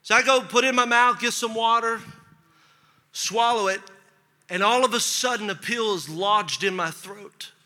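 Male pastor, high voice, very bright and forceful, sermon with acted dialogue, long reverb of a church hall. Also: moderate pace. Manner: animated storytelling, acts out dialogue. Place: church sanctuary.

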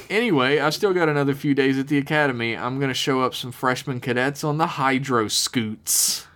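A man's voice: mid-range voice, normal speed, a bit bright, natural voice. A man voicing a cheerful young cat cadet as he reads a listener email aloud. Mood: breezy.

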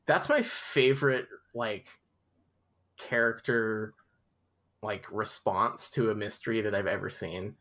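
A man's voice: lowish voice, takes it slowly. Wry laughing man reading aloud. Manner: wry, amused, laughs often, reads in a flat deadpan. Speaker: podcast co-host reading a book aloud. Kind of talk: casual chat with read-aloud passages.

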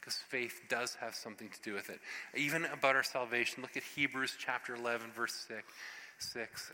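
Man, sermon, animated and conversational, bright forceful tone, long hall reverb. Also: mid-range voice, moderate pace. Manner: animated, conversational, acts out scripture scenes. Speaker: preacher.

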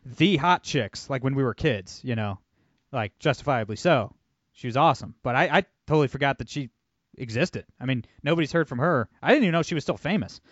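A man's voice: medium pitch, expressive, fairly quick, fairly bright tone, dry recording. Sardonic rambling male guest. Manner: sardonic, rambling with lots of fillers. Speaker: podcast guest. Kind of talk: casual chat. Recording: dry, dull lo-fi audio.

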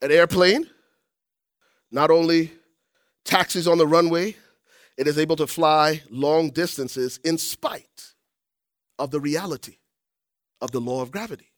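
A man preaching a sermon as the pastor, with animated call-and-response and frequent calls out to the congregation. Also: on the high side, a little slow, pauses often, dry recording, clean studio sound.

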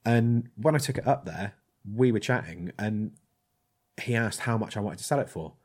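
A man with a fairly low voice chats casually about his craft as a blacksmith. He rambles, trails off and restarts with plenty of ums, in a relaxed conversational way. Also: normal speed, breathy edge. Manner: rambling, hesitant with many ums. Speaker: blacksmith, guest. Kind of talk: casual chat.

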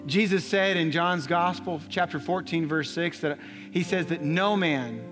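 A man's voice: a little high, fairly even intonation, moderate pace. A young adult man preaching a sermon in a church, telling a story with earnest repetition. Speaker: pastor. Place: church sanctuary. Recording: long church reverb, soft music.

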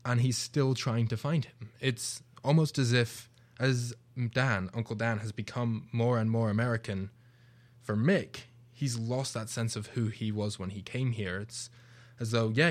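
This radio show co-host is a young man from Britain with a British accent, his voice medium in pitch with fairly even intonation and a moderate pace. In the casual discussion he's earnest and reflective, speeding up when he drives a point home.

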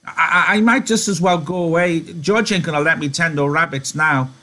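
A man's voice: a little high, normal speed, bright, forceful tone, voice pushed up. A man reading aloud and voicing a big, simple-minded farmhand who is childlike and anxious, stammering and pleading. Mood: miserable.

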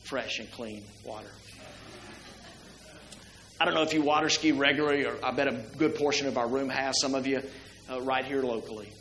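A man's voice: medium pitch, fairly even intonation, fairly quick, long pauses, fairly bright tone, reverberant, slight background noise, low-quality recording. A middle-aged man preaching a sermon to his congregation in a church, talking conversationally and asking the listeners many rhetorical questions. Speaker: pastor. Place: church sanctuary.

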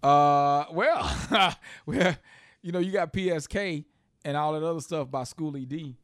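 A man's voice: fairly high pitch, unhurried, dry recording, studio quality. A man co-hosting a casual hip-hop podcast, making his points with lots of "you know" and "exactly.". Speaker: podcast co-host.

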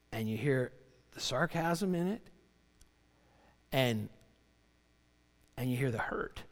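A male pastor delivering a sermon, moving between loud, dramatic readings and quiet, low emphasis. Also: gravelly, in a large hall. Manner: animated preaching, voicing Job's cries with rising pitch and dropping low for emphasis.

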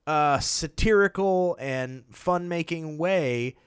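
A man co-hosting a podcast, chatting casually and excitedly about movies, swearing now and then. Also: a little high, slow pace, clean tone, no room sound, studio quality. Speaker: podcast co-host. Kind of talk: casual chat.

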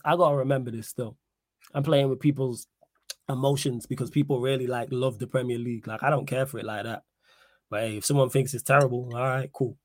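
A young man hosting a casual live-stream podcast, lively and slangy as he answers the chat. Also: on the high side, no room sound, clean studio sound. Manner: animated, reads chat aloud, slangy. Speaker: podcast host.

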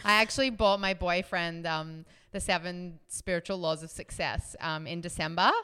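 A woman, a guest designer chatting in an excitable, gushing way. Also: on the low side, moderate pace, clear, resonant tone. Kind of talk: casual chat.

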